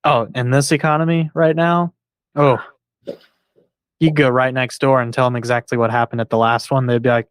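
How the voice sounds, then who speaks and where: Smooth-voiced man, relaxed podcast chat. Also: medium pitch, normal speed, dry recording. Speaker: podcast co-host.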